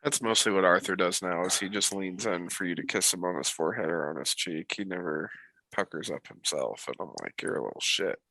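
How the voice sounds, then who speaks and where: A man chatting on a podcast while sick with a cold, telling stories in a profane, animated way. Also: deep voice, fairly quick, no echo, poor audio. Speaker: podcast co-host. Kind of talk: casual chat.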